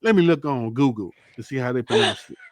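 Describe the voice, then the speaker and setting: Podcast host, male, playful list-giver with mock-serious verdicts, mid-pitch, dry close sound. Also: lively intonation, fast, no echo. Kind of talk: casual chat.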